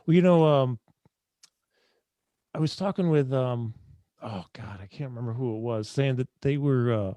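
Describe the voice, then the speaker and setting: Mellow-voiced male interview host. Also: mid-range voice, moderate pace, pauses often, no echo. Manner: enthusiastic listener, frequent short reactions. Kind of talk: casual interview chat. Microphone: video call.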